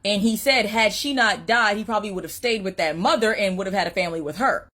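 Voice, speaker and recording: A woman's voice: mid-range voice, fast talker, pushed and bright. A woman telling a story to her followers in a chatty way with a dramatic build-up.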